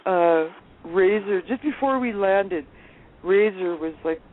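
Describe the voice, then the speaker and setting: A woman telling lively anecdotes as a phone-in guest, laughing often as she talks. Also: medium pitch, slow pace. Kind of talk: casual storytelling on a phone interview. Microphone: telephone. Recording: tinny phone line with faint hiss.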